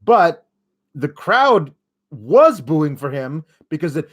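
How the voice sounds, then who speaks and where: A young man hosts a casual wrestling recap podcast, talking a little higher than most men do. He is sarcastic throughout and mocks the people he talks about. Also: very animated, slow. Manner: sarcastic, mocking impressions of wrestlers. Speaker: podcast host.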